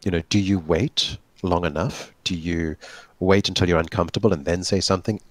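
Deep-voiced man running a tabletop game. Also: steady tone, fairly quick, dry recording. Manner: explanatory, wry, laughs at his players. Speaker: game master. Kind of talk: running a tabletop role-playing game over a call.

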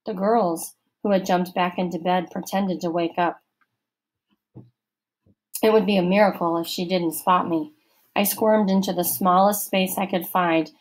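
A woman narrating a children's novel aloud in an expressive storytelling manner. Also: fairly low pitch, measured pace, rough recording. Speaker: audiobook reader.

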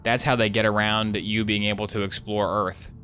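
A man's voice: fairly low pitch, flat delivery, normal speed, pushed and bright, slight background noise. A man giving casual, jokey commentary while playing a video game, thinking aloud as he goes. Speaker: gaming YouTuber.

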